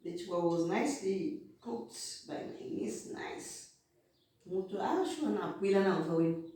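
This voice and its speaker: A woman's voice: lowish voice, expressive, moderate pace, mellow. A woman giving blunt, casual motivational talk about business, eating between points. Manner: direct, blunt, talks while eating. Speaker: vlogger. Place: indoor room, sitting on the floor. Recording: very echoey room, distant mic, faint noise.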